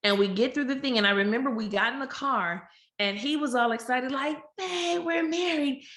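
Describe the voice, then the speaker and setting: A woman guest on a podcast, telling a personal story candidly and acting out quoted dialogue with lively shifts of voice. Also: on the high side, brisk. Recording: roomy echo.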